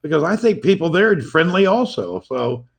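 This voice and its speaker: A man's voice: fairly high pitch, big pitch swings, normal speed, creaky, crowd noise. A man hosting a livestream, chatting in an easygoing, wry way. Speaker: livestream host. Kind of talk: casual chat.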